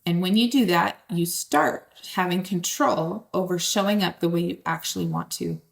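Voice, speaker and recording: Calm woman with a gravelly voice. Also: fairly low pitch, normal speed. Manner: calm, direct, speaks to the listener. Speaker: host. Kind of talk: step-by-step teaching.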